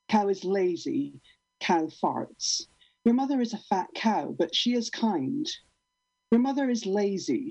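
A woman poet giving a deadpan, rhythmic poetry reading over a video call. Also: lowish voice, no room sound. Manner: deadpan, rhythmic, repetitive delivery. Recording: dull lo-fi online call audio.

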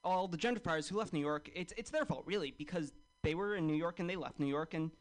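Male comic, high voice, dry mock-enthusiasm, club stage. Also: fast, low-quality recording. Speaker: stand-up comedian. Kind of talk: stand-up comedy.

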